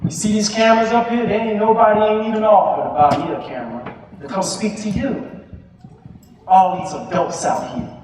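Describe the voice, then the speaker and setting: A man giving a fiery motivational speech to students in a school hall, preaching in call-and-response and often shouting. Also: sits high, fairly quick. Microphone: camera far from the speaker. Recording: echoey hall from far off, crowd noise.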